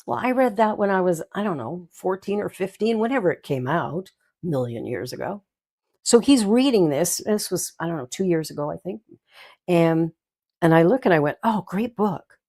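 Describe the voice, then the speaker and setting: Older female minister-host, low-pitched, storytelling with laughs and asides. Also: lively intonation, normal speed. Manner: warm storytelling with giggles and asides. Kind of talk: inspirational talk.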